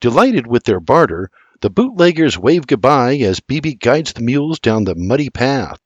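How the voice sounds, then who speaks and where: A man's voice: medium pitch, very animated, moderate pace, breathy edge, no echo, lo-fi sound. Man narrating a storybook, dry close sound. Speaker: audiobook narrator. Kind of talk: scripted narration.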